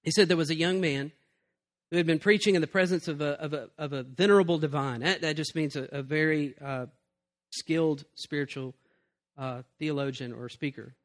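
A man preaching in an earnest, conversational way, with a fairly high voice for a man. He talks the listeners through his point plainly and sincerely. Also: moderate pace. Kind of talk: sermon on preaching.

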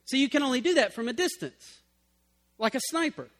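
A man preaching a sermon as pastor, swinging from loud emphatic bursts to low, quiet passages. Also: sing-song, a little fast.

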